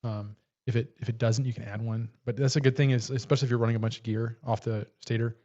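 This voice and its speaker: A man hosting a casual livestream, answering viewer questions in a relaxed way with many fillers and restarts. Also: medium pitch, fast, lo-fi sound. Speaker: livestream host.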